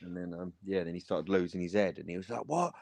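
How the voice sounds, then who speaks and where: A man's voice: sits low, quick pace, vocal fry, darkish tone, dry recording. A man on a football panel, telling a rambling story in casual chat and swearing often. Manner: swears a lot, rambling retelling.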